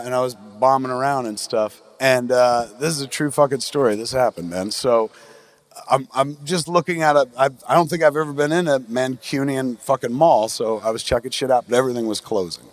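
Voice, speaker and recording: A man's voice: mid-range voice, normal speed. Profane, rambling man telling stories. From New Jersey, USA. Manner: profane, rambling anecdotes with acted-out quotes. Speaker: podcast host. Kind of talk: live podcast storytelling. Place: theatre stage before a live audience.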